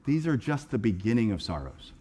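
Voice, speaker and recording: A man preaching a sermon in a conversational, animated way, acting out voices and often repeating words as he starts a phrase. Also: lowish voice, fairly quick, husky. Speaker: pastor. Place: church sanctuary.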